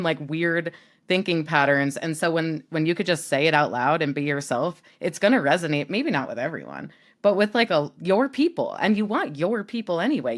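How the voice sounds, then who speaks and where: Chatty low-voiced woman co-hosting a podcast. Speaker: podcast co-host. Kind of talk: casual chat.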